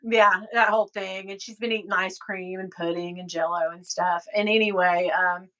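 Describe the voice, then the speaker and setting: A woman's voice: mid-range voice, steady tone, moderate pace, bright, forceful tone. A middle-aged woman hosting a live stream, chatting casually, telling stories and reading out viewer comments. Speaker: livestream host.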